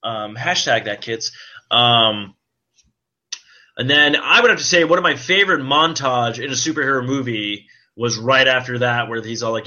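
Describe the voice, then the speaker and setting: Excitable guy chatting on a podcast, super bright sharp voice, kinda dull lo-fi sound, keeps squeaking out quotes. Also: normal speed. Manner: excitable, acts out movie lines in a high squealing voice. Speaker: podcast co-host. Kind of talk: casual chat.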